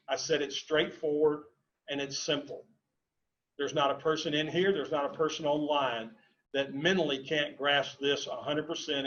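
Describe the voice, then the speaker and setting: A man addresses a seminar audience in a fairly high voice, leaning on key phrases and repeating them for emphasis. He drifts into anecdotes and then snaps back to the lesson. The live recording is a little dull and muffled. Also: a bit bright. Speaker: seminar speaker on real estate investing. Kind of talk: live seminar talk to a room and online audience.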